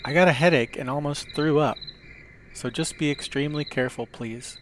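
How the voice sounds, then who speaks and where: Guy hosting a podcast, reads reviews out with dry jokes, voice on the higher side. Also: fairly quick, fairly bright tone, slight background noise. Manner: reads listener reviews aloud with dry humor. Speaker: podcast host.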